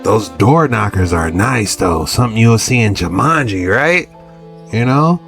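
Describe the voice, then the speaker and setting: A man's voice: on the low side, expressive, measured pace, vocal fry, fairly bright tone, faint music behind. A man co-hosting, reacting casually with curious rhetorical questions.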